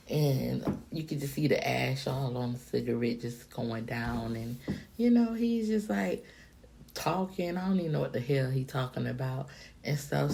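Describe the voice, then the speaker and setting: A woman vlogger from the Miami-Dade area, an adult past her younger days, tells a casual storytime monologue to camera. Her voice is unusually deep and gravelly with a gritty, crackling edge. She talks bluntly and profanely in an animated, conversational way.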